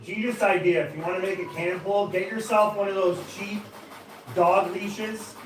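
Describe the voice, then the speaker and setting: A man hosting a casual live stream of knife-throwing trick shots, chatting to viewers and bursting into excited exclamations. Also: high voice, normal speed. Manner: excitable, breaks into loud exclamations. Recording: echoey room, voice far from the mic, music behind.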